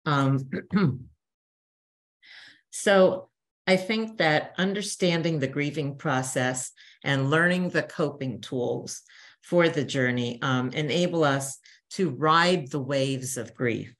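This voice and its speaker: Older lady with a low voice giving a grief class at church, chatty, does little quotes. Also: slow. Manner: warm, chatty teacher, acts out quotes. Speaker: bereavement counselor. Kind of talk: church talk to a grief group.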